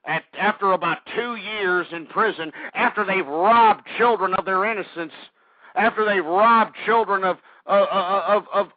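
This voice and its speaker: A hoarse man with a high-pitched voice rants on his own talk radio show, indignant and swearing as he harangues his listeners. The sound is thin and phone-like, as if carried down a telephone line. There is no room echo at all. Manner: ranting, indignant, swearing, addresses listeners as folks.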